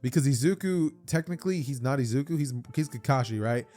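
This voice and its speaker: A man's voice: mid-range voice, expressive, a little fast, warm tone, faint music behind. A young man casually telling a fan-fiction story, rambling with stammered repeats and many fillers.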